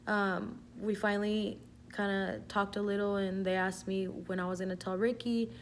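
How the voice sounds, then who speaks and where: A woman's voice: medium pitch, flat delivery, moderate pace, slight background noise. A young woman telling a personal story in a casual vlog, rambling with lots of "like" and slipping into Spanish words. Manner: rambling, heavy use of "like", slips into Spanish. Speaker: vlogger.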